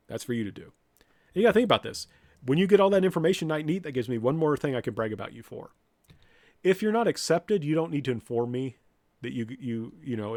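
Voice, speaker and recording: A man's voice: medium pitch, no echo. A man, a professor, lecturing students bluntly and directly, now and then acting out what people say. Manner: blunt, direct, with lively mock-quotes.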